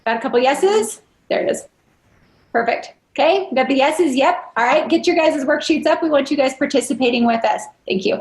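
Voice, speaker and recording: A woman's voice: high-pitched, brisk, reverberant. A woman trainer leading an interactive online workshop, upbeat and coaxing as she quizzes her audience. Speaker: dental practice trainer leading a live workshop.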